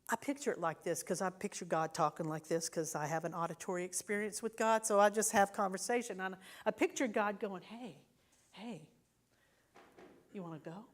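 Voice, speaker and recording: A woman minister giving a sermon in a conversational way, often checking in with the congregation. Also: medium pitch. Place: church sanctuary.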